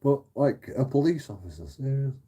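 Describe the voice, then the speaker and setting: A man's voice: medium pitch, sing-song, moderate pace, dark tone, slightly rough. A man hosting his channel, ranting casually, swearing freely and laughing often between rambling restarts. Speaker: channel host.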